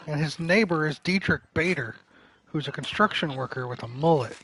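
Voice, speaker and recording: A man's voice: a little high, normal speed, a little hiss or hum, poor audio. A man casually commenting while streaming a game, chatting with and teasing his viewers. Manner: chatty, teasing the chat, bursts into loud impressions. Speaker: livestreamer playing a game. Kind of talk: casual live gameplay commentary.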